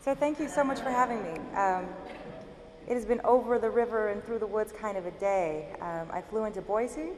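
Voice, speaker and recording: A woman from Denver, a slam poet, performing spoken word with an expressive, emphatic delivery and chatting with the audience between poems. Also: medium pitch, moderate pace, a little hiss or hum. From Denver, Colorado. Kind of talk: slam poetry reading with stage banter. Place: university event hall. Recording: echoey hall with faint ambience.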